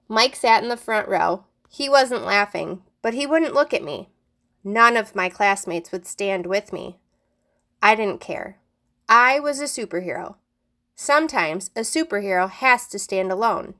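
An adult woman reading a children's chapter book aloud, narrating clearly and expressively. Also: medium pitch, animated, a little slow, sharp tone. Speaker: storybook reader.

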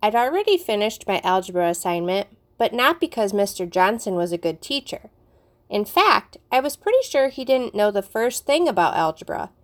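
Woman, adult, storybook reader, clear, expressive, chapter-book read-aloud. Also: medium pitch, normal speed.

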